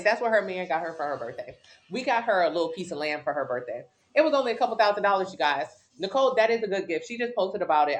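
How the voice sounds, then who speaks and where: Woman, Southern US accent, fitness coach, live-stream chat, candid, gossipy, swears freely. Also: lowish voice. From Miami, Florida. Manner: candid, profane, gossipy and chatty.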